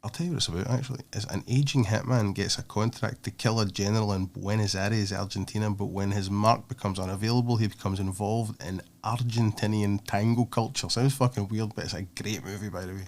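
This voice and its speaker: A man hosting a podcast, chatting casually and excitedly about films, swearing freely and rambling. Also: lowish voice, fairly quick, few pauses. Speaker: podcast host.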